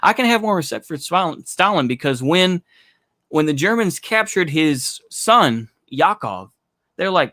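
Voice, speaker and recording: A man's voice: fairly high pitch, sing-song, moderate pace, pushed and bright, no room sound, clean studio sound. A man delivering a blunt, profane opinion monologue in a casual, rambling way, with lots of filler phrases. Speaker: commentary channel host.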